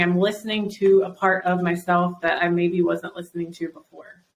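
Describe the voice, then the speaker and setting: A woman's voice: on the low side, fairly even intonation, fairly quick, hardly any pauses, slight background noise, poor audio. A woman guest on a podcast, encouraging and explaining at length with frequent fillers. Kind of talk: casual podcast conversation.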